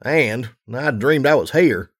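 A man voicing a weary mother mare pony, gruff but loving, in a low tired plain delivery. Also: lively intonation, slow pace, a bit bright.

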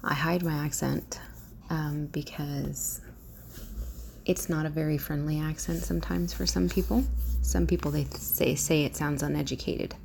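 A woman audio creator from the Southern US, chatting casually to her listeners in a hesitant, self-deprecating way with clear, careful diction. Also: low-pitched, fairly even intonation, normal speed, darkish tone, slight background noise.

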